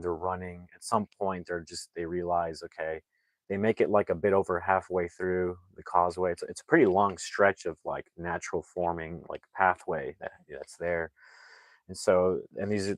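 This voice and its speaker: A man with a deep, low voice rambles through a movie plot in a loose, casual way, full of "like" and "you know". The sound is dry and close, with no room around it. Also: no echo. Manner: rambling, filler-heavy retelling, acting out lines with raised shouts. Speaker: movie reviewer.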